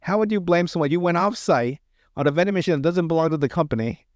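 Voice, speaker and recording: A man's voice: a little high, fast, no echo, studio quality. Rambling, swearing male podcast host. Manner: rambling, profane, laughing storyteller. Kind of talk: casual chat, recapping comedy sketches.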